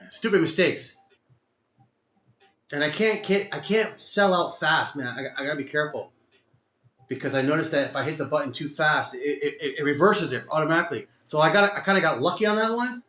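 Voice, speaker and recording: A Texan-accented man talks through his trades live and curses himself over his mistakes, swinging from loud outbursts to low grumbling. His voice is fairly high and sharp-edged. The room around him gives it a noticeable echo. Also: a little fast. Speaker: day trader streaming live. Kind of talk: live trading commentary to himself. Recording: echoey room sound.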